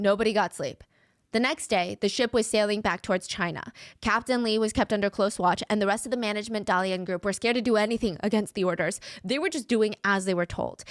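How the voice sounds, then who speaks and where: A woman recounts a true crime story with dramatic flair, doing voices for the people she quotes. Her voice sits in the mid-range, and the recording is clean studio audio with no echo.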